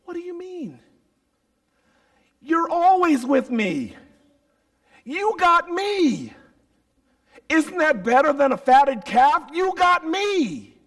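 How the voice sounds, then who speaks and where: A man's voice: steady tone, measured pace, few pauses, a little mellow. A preacher putting on a pleading, forgiving father. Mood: tender. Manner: high, pleading, drops to a whisper. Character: forgiving father pleading with his grown son.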